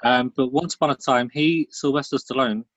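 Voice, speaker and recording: Dry-voiced man doing deadpan jokes. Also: medium pitch, moderate pace, dry recording, muffled recording. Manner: deadpan comic delivery. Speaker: podcast co-host. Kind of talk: jokey banter.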